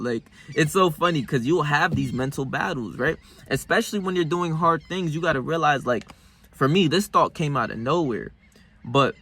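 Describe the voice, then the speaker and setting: A man's voice: medium pitch, breathy edge. Young man telling a profane motivational story. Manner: profane, animated storytelling with slang fillers. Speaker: self-improvement vlogger. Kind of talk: casual motivational monologue.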